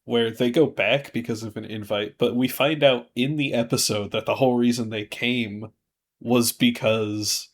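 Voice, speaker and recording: A man's voice: fairly even intonation, normal speed. Jokey man podcast co-host. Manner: jokey, acts out characters' lines with big pitch jumps. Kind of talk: casual chat.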